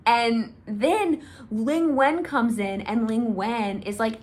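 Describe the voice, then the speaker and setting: A young woman gushing in a casual fan rant. She is excitable and swears freely. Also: on the high side, takes it slowly, few pauses. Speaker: video creator.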